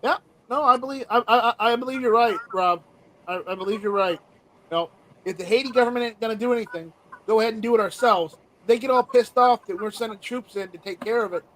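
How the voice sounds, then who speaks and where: Blunt high-voiced man. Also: fast talker, a bit bright, a little hiss or hum, rough recording. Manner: blunt, opinionated, stammering restarts. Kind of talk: casual chat.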